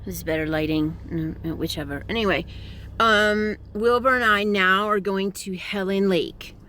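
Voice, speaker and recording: A woman's voice: medium pitch, a little slow, sharp tone, a little hiss or hum. A woman vlogging casually on a trip, rambling and joking as she talks to a phone camera. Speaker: travel vlogger. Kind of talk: casual travel vlog. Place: in a car.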